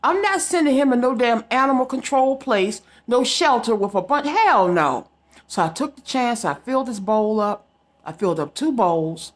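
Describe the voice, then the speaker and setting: A woman's voice: fairly high pitch, animated, moderate pace. A woman telling a story straight to her viewers in a casual vlog, emphatic and direct. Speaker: psychic vlogger.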